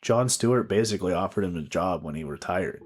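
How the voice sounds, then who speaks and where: A man's voice: low-pitched, animated, fairly quick, husky. Rambling young man, podcast co-host. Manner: rambling, gushing, jokey, swears freely. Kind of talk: casual podcast chat.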